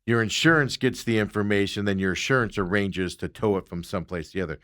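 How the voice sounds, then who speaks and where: A man hosting a talk show, telling stories in a casual, animated way and ranting with exasperation. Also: fairly low pitch, fast talker. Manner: animated storytelling, exasperated rants. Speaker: radio show host. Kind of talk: casual chat.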